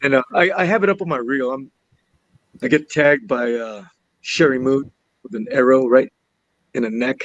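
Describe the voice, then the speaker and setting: A man telling a story from a film set in casual chat, animated and laughing, restarting and repeating words as he goes. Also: mid-range voice, moderate pace, long pauses, no echo, highs cut off. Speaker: actor and podcast guest.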